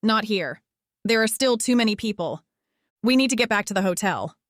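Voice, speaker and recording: A woman's voice: medium pitch, animated, moderate pace, no room sound, clean studio sound, natural voice. A woman voicing a wounded teenage boy who jokes and reassures in a wry, teasing way. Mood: urgent.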